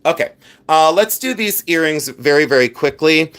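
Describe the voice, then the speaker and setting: A man's voice: a little high, lively intonation, normal speed, fairly bright tone, clear, resonant tone. A middle-aged man hosting a live stream, chatting with viewers and thanking them by name in an effusive, rambling way. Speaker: livestream host selling vintage jewelry.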